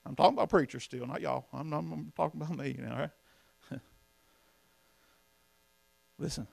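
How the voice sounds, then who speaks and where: A man's voice: medium pitch, gravelly, no echo. A man preaching from the pulpit, folksy and emphatic, often asking the congregation questions. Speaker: pastor. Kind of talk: sermon.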